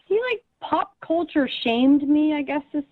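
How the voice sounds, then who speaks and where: A woman's voice: high voice, unhurried, no room sound, narrow, tinny audio. A woman calling in to a radio show, talking in an indignant, defensive way about a bad date. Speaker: caller. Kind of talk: radio call-in chat.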